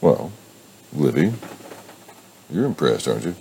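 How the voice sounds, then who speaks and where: A man's voice: very deep voice, very animated, unhurried, creaky, mellow, a little hiss or hum, exaggerated voice. A man voicing a playful young man who boasts and teases the women around him. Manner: teasing, boastful.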